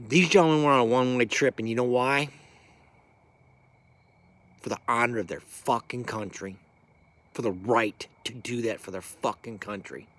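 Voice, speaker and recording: A middle-aged man rants with raw anger, cursing freely and wandering from point to point. His delivery lurches between low, grumbling asides and sudden loud outbursts. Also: normal speed, pauses often. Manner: angry, profane, rambling; swings from low mutters to loud bursts. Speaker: military veteran ranting. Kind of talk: profane political rant.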